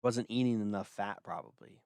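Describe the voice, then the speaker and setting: A man's voice: fairly low pitch, brisk, vocal fry, a little mellow, no room sound, studio quality. A man hosting a livestream, talking casually in a blunt, dismissive way with lots of filler words. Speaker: livestream host.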